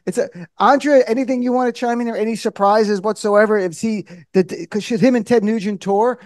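High-voiced man hosting a radio show. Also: a little fast, no room sound, clean studio sound. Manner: animated, joking, laughing often. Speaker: radio talk show host. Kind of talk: comedic political banter. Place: radio studio.

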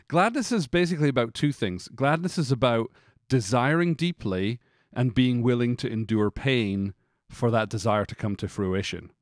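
A middle-aged man with a Scottish accent softened toward American, co-hosting a podcast in a chatty, self-deprecating way full of asides. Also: medium pitch, expressive, normal speed, no echo, clean studio sound. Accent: Scottish, worn toward American. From Scotland. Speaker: podcast co-host. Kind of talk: casual conversational podcast chat.

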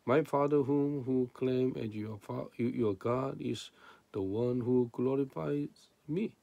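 A man's voice: mid-range voice, slow pace, vocal fry, warm tone, dry recording, muffled recording. A man preaching a sermon in non-native English, reading scripture and then explaining it with rhetorical questions.

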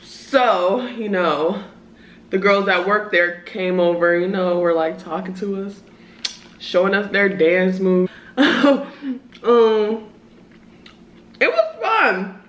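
A woman's voice: medium pitch, slow. Chatty young woman eating on camera. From Southern California. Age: early 20s. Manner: chatty, slangy, talks while eating. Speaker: vlogger. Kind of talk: casual mukbang chat. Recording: roomy echo.

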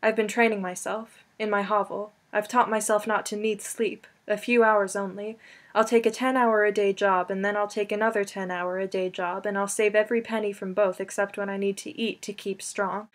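Woman doing storybook farm boy, earnest, blunt, steady. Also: medium pitch, normal speed, close to an everyday voice.

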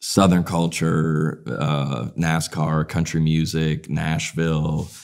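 A comedian as interview guest, talking in a rambling, animated way and acting out voices in his stories. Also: very deep voice, slow pace, creaky. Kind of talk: casual interview storytelling.

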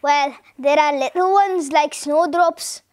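A woman's voice: high voice, slow pace. Helpful young flower-shop girl, read by a woman; chatty, storybook.

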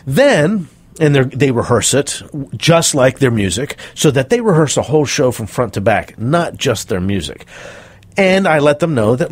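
A middle-aged man, a performance coach, spins anecdotes with lively, swooping pitch. His voice is a little husky and sits close and dry on the microphone. He slips into the voices of the people he quotes. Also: moderate pace, no room sound. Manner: animated storyteller acting out quoted voices. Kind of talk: interview storytelling.

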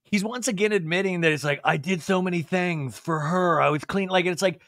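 A man chatting casually on a podcast, animated and laughing often, sometimes mimicking people in a low drawl. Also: a little fast, no room sound, clean studio sound. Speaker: podcast guest. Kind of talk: casual chat.

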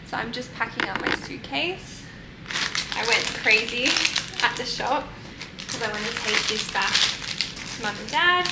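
A young Australian woman vlogging casually to a handheld camera, her voice sitting a touch high. She talks in a candid, chatty way. Loud background noise runs under the recording. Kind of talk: casual travel vlog.

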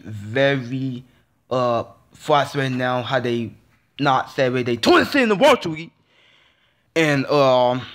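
A man vlogs a frustrated, casual rant in a medium-pitched, slightly bright voice. He repeats himself and stammers through restarts in this ranting monologue.

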